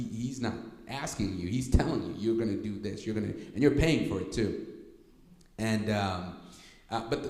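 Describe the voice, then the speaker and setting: A man giving a workshop talk to an audience, telling a personal story with lively energy and often asking "okay?" to keep the room with him. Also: on the low side. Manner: animated, repeats "okay?" to check in with listeners. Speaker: workshop speaker. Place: church hall. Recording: echoey hall with long reverb.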